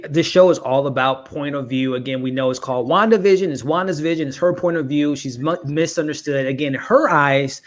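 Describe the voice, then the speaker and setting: A man's voice: fairly high pitch, fairly quick, few pauses. A man hosting a casual discussion podcast, leading the talk and passing questions to his co-hosts. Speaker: podcast host. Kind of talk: casual pop-culture discussion.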